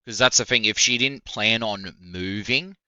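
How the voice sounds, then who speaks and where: A man's voice: lowish voice, moderate pace, sharp tone, dry recording, lo-fi sound. A man doing a heated, profane reaction rant on his stream. He sounds incredulous and mocks what he hears, with short laughs. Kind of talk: ranting reaction commentary.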